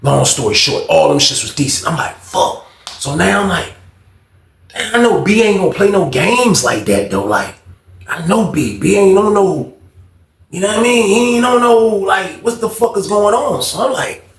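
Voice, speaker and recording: A man with a high voice tells a story in a casual, animated way, full of street slang. He acts out the people he is talking about. The recording carries a roomy echo. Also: normal speed, gravelly.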